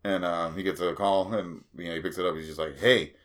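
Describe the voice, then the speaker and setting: A man's voice: sits low, fairly even intonation, quick pace. A man hosting a casual podcast chat, telling long rambling anecdotes full of fillers and swearing. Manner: rambling storyteller, swears freely, many fillers.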